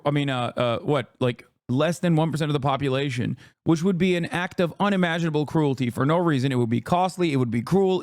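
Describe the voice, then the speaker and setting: A man's voice: a little high, no room sound, clean studio sound. A man streaming a heated political rant, profane, combative and mocking, in his thirties.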